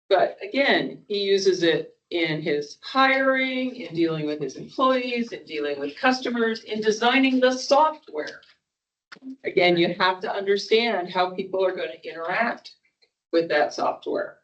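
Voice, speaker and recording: A man's voice: sits high, normal speed. A male psychology professor telling an anecdote to a class, acting out the quoted lines. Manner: storytelling, animated quotes. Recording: distant, dull lo-fi room recording.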